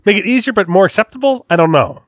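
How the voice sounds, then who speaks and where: A man co-hosts a casual chat and is wry and jokey. His pitch moves a lot. The sound is dry and close. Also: lively intonation, fast, no room sound. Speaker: podcast co-host.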